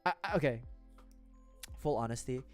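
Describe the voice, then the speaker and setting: A man's voice: mid-range voice, moderate pace, soft background music. Rambling, laughing young man streamer. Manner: rambling, self-deprecating, swears casually, laughs often. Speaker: livestreamer building model kits. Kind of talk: casual rambling chat to viewers.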